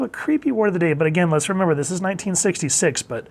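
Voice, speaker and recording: A man's voice: high-pitched, animated, very fast, creaky. A man in his thirties casually reviewing an old comic book, enthusiastic and playful, reading bits aloud with funny voices.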